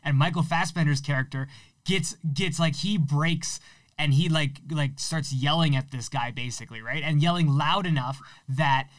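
A man casually discussing a film as a podcast co-host, enthusiastic and quick to chime in with laughter. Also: fairly high pitch, dry recording.

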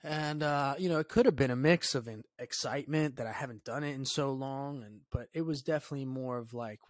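A young man hosting his own podcast, telling a story in a loose, profane, rambling way and dropping to a low mutter when he quotes his own thoughts. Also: brisk, few pauses, no echo. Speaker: podcast host. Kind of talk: casual solo podcast storytelling.

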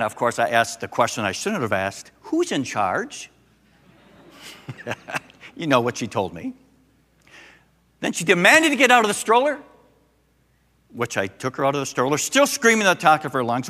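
Older pastor preaching in an echoing hall. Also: male voice, a little high, normal speed, pauses often. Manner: animated storytelling, acting out quoted voices. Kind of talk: sermon.

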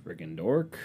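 A man's voice: low voice, mellow, slight background noise. A man hosting a podcast, telling rambling, self-mocking stories in a casual, profane monologue into a microphone. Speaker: podcast host.

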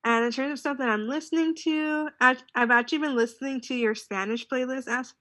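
A woman's voice: high voice, a little fast, dry recording, studio quality. A young woman chatting casually as a podcast co-host, rambling and saying "like" a lot. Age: young adult. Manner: relaxed, rambling, heavy use of "like". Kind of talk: casual chat.

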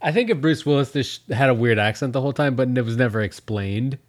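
A man co-hosting a podcast in casual chat, with dry, playful deadpan banter. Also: medium pitch, fast. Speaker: podcast co-host.

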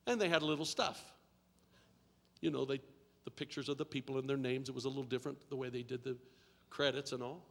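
A man preaching a sermon as pastor, telling a story and then building to shouted repetitions and call-and-response with the congregation. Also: a little high, fairly quick, gravelly. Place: church sanctuary. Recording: long reverb of a large hall.

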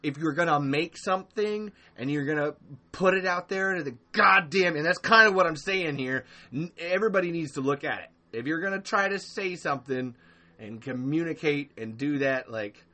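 A man's voice: on the high side, moderate pace, pushed and bright. A man hosting a solo livestream podcast, ranting in a rambling, profane way, full of ums and restarts, and breaking off to answer live chat. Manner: reads and answers live chat mid-rant. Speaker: podcast host.

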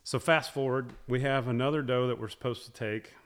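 A middle-aged man in casual conversation, telling a long story with many restarts and soft, trailing asides. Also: mid-range voice, steady tone, brisk. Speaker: guest talking about hunting with his daughters.

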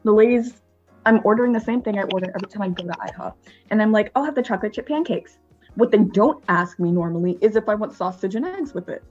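A woman's voice: medium pitch, fast, faint music behind. A teenage girl co-hosting a podcast, chatty and giggly as she tells a story about ordering food. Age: teens. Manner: giggly, chatty, acts out quotes. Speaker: podcast co-host. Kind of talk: casual chat, storytelling. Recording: slightly dull lo-fi sound.

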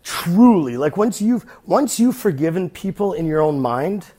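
Casual podcast host, male, high-voiced, swears freely, acts out quick mock voices. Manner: blunt, profane, animated, slips into mock voices.

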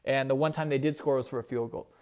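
Going solo on his sports podcast, the young host chats informally, drifting around and fixing his own slips as he talks. His voice is medium-pitched, a bit mellow and steady, and he speaks quickly.

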